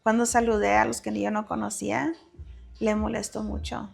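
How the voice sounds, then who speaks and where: A woman's voice: mid-range voice, little pitch movement, a little fast, creaky, slightly rough, faint music behind. A woman talking frankly and profanely as a guest, telling a personal story with Spanish phrases mixed in.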